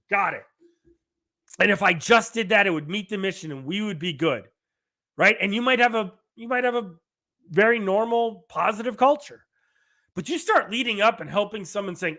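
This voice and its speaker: Middle-aged man, podcast host, emphatic solo rant, high voice, bright tone. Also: expressive, fairly quick. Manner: emphatic, repeats "right?" and acts out quoted dialogue.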